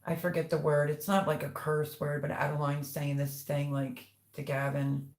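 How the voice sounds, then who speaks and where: This livestream host, an older woman, speaks at normal speed in a deep, level voice from an echoey room. She rambles through family stories and reads viewer comments in casual conversation.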